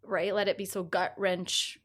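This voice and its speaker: A woman's voice: medium pitch, level tone, unhurried, fairly bright tone. A woman in casual podcast chat, telling candid personal stories with frequent restarts. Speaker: podcast guest.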